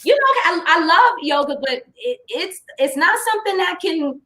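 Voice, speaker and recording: A woman's voice: extremely high pitch, animated, normal speed, sharp tone. A woman guest in a casual interview, talking in a chatty way full of "you know" and "like," laughing easily. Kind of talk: casual live-stream interview.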